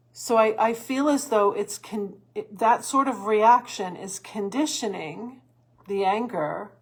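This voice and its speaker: A woman host giving earnest coaching advice in a solo talk, with restarts and soft laughs. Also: medium pitch, breathy edge. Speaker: stress coach and podcast host.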